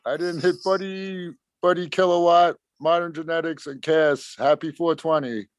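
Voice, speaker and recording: A man's voice: on the high side, fairly even intonation, normal speed, no echo. A man in a casual group chat, laid-back and laughing often between jokes.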